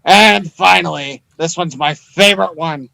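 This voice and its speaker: A man co-hosting a comedy podcast, reading absurd news items in a deadpan way. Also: a little high, a little slow, vocal fry, no room sound, low-quality recording. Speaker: podcast co-host. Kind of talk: reading joke news segment.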